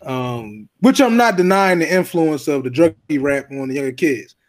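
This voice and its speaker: A man's voice: fairly high pitch, animated, moderate pace. A man co-hosting a casual podcast, laid-back, with lots of fillers and joking asides. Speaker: podcast co-host.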